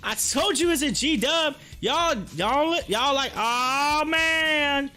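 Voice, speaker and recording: A man hosting a live stock-market stream, chatting excitably with his viewers and reading their comments aloud. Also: very high voice, measured pace, faint music behind.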